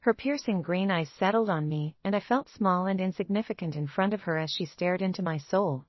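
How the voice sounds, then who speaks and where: A woman's voice: lowish voice, brisk, hardly any pauses, dry recording, lo-fi sound. Woman narrating a story in first person.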